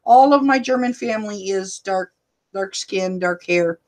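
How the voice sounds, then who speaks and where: A middle-aged woman hosting a casual livestream, loud and laughing often as she reads viewer comments. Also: medium pitch, measured pace. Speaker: livestream host and rideshare driver.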